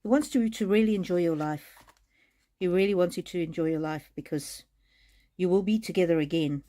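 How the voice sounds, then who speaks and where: A woman with a lowish voice, reading oracle cards on a live stream. She talks gently and haltingly, often laughing and showing emotion. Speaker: tarot and oracle card reader. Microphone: streaming mic.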